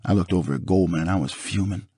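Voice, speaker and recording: Low, husky male audiobook narrator. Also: quick pace, no room sound. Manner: dramatic, expressive reading. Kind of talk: first-person audiobook narration.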